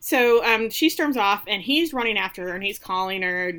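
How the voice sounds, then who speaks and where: Woman, clear bright voice, animated, casual recap chat, mid pitch. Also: a little fast. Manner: animated, acts out the characters' lines in dramatic voices.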